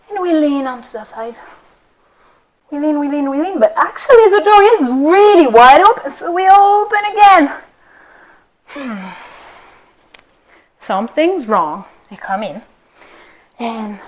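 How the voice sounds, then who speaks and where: A woman telling a story as a kids' yoga class, high-pitched and very lively in her intonation. She talks slowly and playfully, guiding the poses. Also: rough recording. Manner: playful, expressive, sing-song. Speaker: kids yoga teacher.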